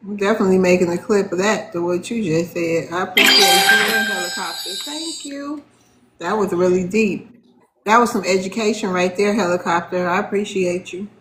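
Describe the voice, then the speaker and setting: A woman hosting and moderating a live online debate, brisk and appreciative as she hands off turns. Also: medium pitch, roomy sound, noisy background. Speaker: host, moderator.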